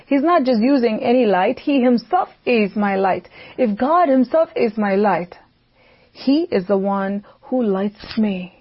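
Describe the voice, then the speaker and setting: A woman preaching a devotional sermon, slow and emphatic, repeating key phrases for weight. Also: mid-range voice, breathy edge. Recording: dull lo-fi audio.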